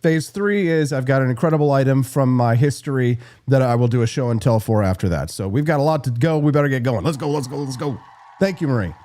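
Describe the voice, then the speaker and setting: Brash fast-talking male show host. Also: mid-range voice, mellow. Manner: brash, fast-talking, reads live chat. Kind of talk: energetic political talk show.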